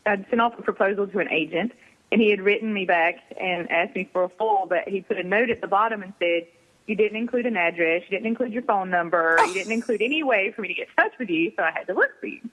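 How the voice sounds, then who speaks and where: A woman's voice: medium pitch, quick pace, narrow, tinny audio. A woman romance author telling a story on a radio talk show and acting out the people she quotes. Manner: lively, acts out quoted people. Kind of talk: casual storytelling on a radio interview.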